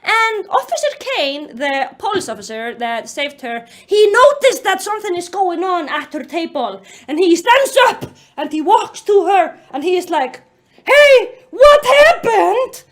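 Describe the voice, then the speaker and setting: Brief: young woman, high voice, casual recap vlogger, animated and exasperated. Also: normal speed, few pauses. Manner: animated, exasperated, filler-heavy retelling. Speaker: YouTube commentator. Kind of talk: casual book-recap commentary.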